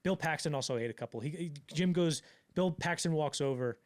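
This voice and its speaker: Podcast co-host, man, fast and slightly high, animated storyteller who acts out the quotes. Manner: fast, loose, lots of fillers. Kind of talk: casual storytelling chat.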